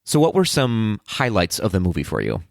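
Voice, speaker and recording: A man's voice: fairly low pitch, wildly swooping pitch, a little fast, creaky, no echo, studio quality. A man co-hosting a podcast, joking wryly and asking his co-host questions. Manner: wry, playful, asks questions. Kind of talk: casual podcast chat.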